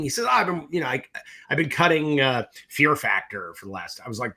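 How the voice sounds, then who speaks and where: A middle-aged man with a husky, bright, forward voice tells stories from his career in a relaxed interview. He is animated and profane, and he jumps into quoting both sides of old conversations as he goes. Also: a little high, a little fast. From US East Coast. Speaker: film director, interview guest. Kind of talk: casual interview storytelling.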